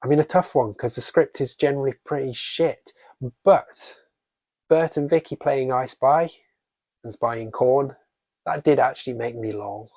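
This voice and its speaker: A man's voice: mid-range voice, unhurried, darkish tone, dry recording. A man reviewing a horror film in a casual scripted style, sarcastic and swearing freely.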